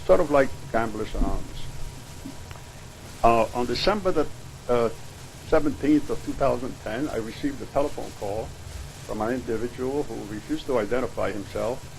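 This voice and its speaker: A man's voice: mid-range voice, gravelly, slight background noise, poor audio. A man giving aggrieved, insistent testimony at a public hearing. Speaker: public commenter. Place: hearing room.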